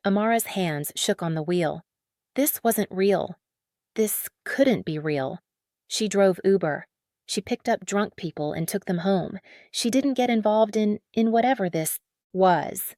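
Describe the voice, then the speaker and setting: A woman narrating a dramatic story in an even, matter-of-fact read on a close mic. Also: mid-range voice, unhurried, no room sound.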